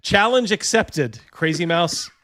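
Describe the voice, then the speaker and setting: A man's voice: high voice, lively intonation, slow, sharp tone, no echo. Mocking man on a dry close mic. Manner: mocking, laughing, loose. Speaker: host reacting to a stream. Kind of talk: casual live commentary.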